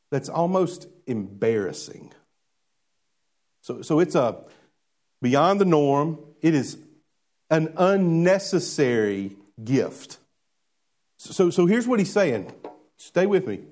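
A man preaching a sermon to a church congregation, animated and questioning, drawing responses from the crowd. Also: a little high. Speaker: pastor. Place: church before a live congregation.

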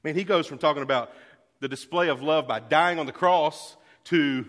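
A man pastor preaching a sermon to his church, earnest, dropping to a hush and rising to loud, fervent calls. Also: on the high side, unhurried, in a large hall. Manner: earnest, swings from hushed to loud. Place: church sanctuary.

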